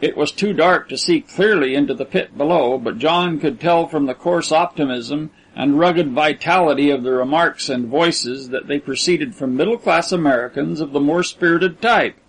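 Guy reading an audiobook, slightly high voice, gravelly, steady and even. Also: poor audio. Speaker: narrator. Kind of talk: audiobook narration.

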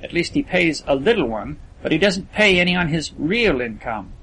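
A man's voice: a little high, very animated, normal speed, fairly bright tone, a little hiss or hum. A man voicing a boastful, scornful wealthy teenage boy in an audiobook reading. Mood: confiding. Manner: lofty, dismissive boasting.

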